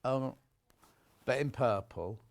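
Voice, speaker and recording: A man's voice: mid-range voice, slow. A man presenting fabrics on a live shopping channel, chatty and jokey as he teases the crew.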